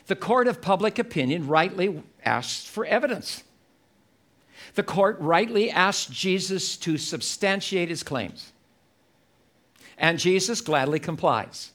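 Guy preaching a sermon in church, takes his time, kinda higher voice, leans hard on repeated lines. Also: a bit bright. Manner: slow, emphatic, repeats key phrases for effect. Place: church service.

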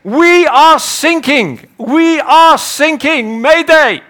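A preacher doing an as a flustered young male coast guard, shouting in panic. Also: expressive, extremely slow, heavily acted. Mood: panicked. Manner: panicked, loud, high-pitched. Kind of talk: comic impression in a sermon.

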